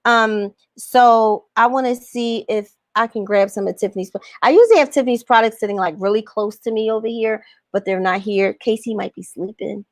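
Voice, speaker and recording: A woman's voice: on the high side, normal speed, hardly any pauses, no room sound, clean studio sound. A woman coaching business owners on a livestream, talking emphatically, repeating her points and firing questions at viewers. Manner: emphatic, repeats phrases, asks the audience questions. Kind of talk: livestream talk reading viewer comments.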